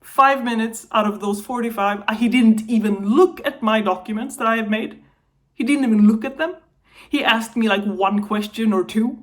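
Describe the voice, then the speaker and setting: A woman's voice: fairly high pitch, moderate pace. Upset young woman venting to camera. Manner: upset, venting, voice wavering between anger and tears. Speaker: vlogger. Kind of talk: emotional personal vlog.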